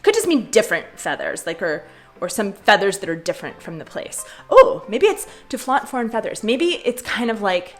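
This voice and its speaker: A woman's voice: mid-range voice, big pitch swings, moderate pace, faint music behind. A young woman chatting casually as a vlogger, full of fillers and frequent laughs. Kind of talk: casual chat.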